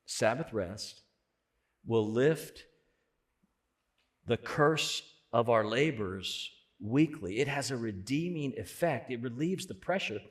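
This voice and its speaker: A man preaching a sermon as pastor, conversational, swelling loud on key points. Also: mid-range voice, lively intonation, slow.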